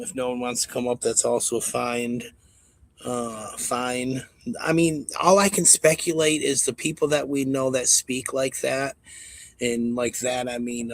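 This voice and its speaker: Dude hosting a stream, talks slow and cusses a lot, dry sound no room. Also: male voice, medium pitch, a bit bright, no room sound. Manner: profane, rambling, mocking. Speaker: stream host. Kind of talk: casual live chat.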